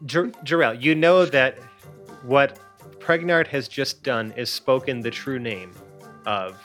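Bright-voiced casual game master. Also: male voice, medium pitch, slow pace, soft background music. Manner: casual, uses many fillers like "like". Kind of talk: narrating a tabletop game.

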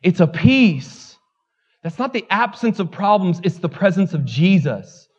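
Male pastor, high voice, lively pulpit delivery with loud peaks and soft asides; dull recording. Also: measured pace, slightly rough. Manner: animated preaching, swinging from loud exclamations to low asides. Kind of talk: sermon.

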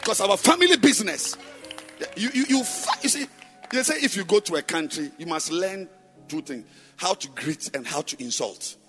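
High, lively pastor preaching. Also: male voice, moderate pace, faint music behind. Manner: emphatic, swings between loud chanting and low murmurs; rhetorical, repeats questions at the congregation. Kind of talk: sermon. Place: church. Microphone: microphone.

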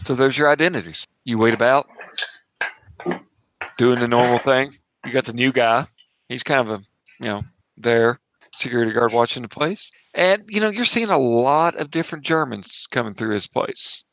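A man's voice: mid-range voice, normal speed, a bit bright, a little hiss or hum, poor audio. A man narrating as game master of a tabletop game, playful and laughing often.

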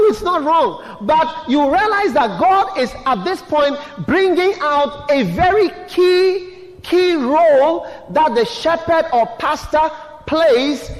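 A man preaching a sermon as pastor, putting questions to the congregation and repeating key words. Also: very high voice. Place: church hall. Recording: long echo of a large hall.

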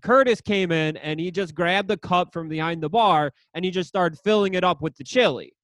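Man, high pitch, dry close sound, rambling stammering storyteller. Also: normal speed, fairly bright tone, no room sound. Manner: rambling, stammering anecdotes with crude jokes. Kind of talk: crude casual chat.

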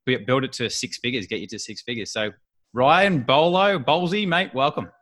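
A man's voice: mid-range voice, normal speed, a bit bright. A man with an Australian accent hosting a podcast, talking in a laid-back, chatty way full of slang. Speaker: podcast host. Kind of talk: casual chat.

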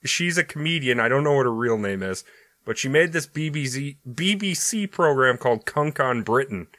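Joking american guy cohosting a podcast, bright animated voice, dry mic. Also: mid-range voice, moderate pace, no echo. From United States. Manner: joking, playful, profane. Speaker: podcast co-host. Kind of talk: casual chat.

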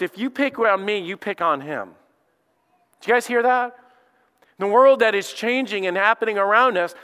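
A middle-aged pastor delivers a sermon, his voice high and bright. He preaches emphatically and talks to the congregation conversationally, repeating his phrases. The words ring out with a long reverb. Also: smooth.

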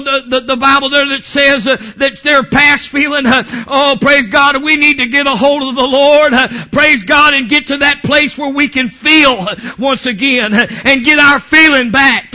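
A male preacher, delivering a fiery sermon that swings into shouting, with "praise God" refrains. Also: very high voice.

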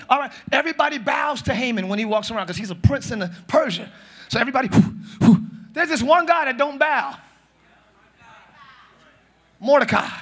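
Male pastor, very high voice, bright tone, husky edge, slangy storytelling sermon. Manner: retells scripture in casual slang, acting out voices; builds to shouted exhortation. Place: church.

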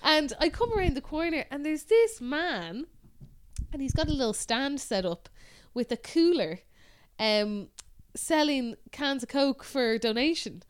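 A woman's voice: sits high, big pitch swings, unhurried. An Irish woman co-hosting a podcast, telling a story in a chatty, sweary way and laughing often. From Ireland. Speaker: podcast co-host. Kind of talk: casual chat.

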